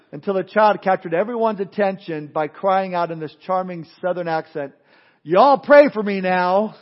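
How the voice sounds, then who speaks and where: A man's voice: a little high, highs cut off. A man preaching as a pastor, often repeating words and restarting as he goes. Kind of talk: sermon.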